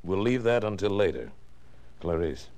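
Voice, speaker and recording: A nervous accomplice in an old radio drama who stumbles over his words. His voice is very low and dark, with a lot of rise and fall. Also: animated, normal speed. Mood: flustered. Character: nervous male schemer, flustered accomplice. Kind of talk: 1940s radio acting.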